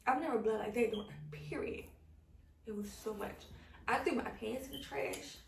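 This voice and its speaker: Chatty podcast co-host, gravelly voice, animated storyteller; echoey room, distant mic. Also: female voice, a little high, normal speed, a little hiss or hum. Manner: animated storytelling, acts out quotes. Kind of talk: casual chat, personal story.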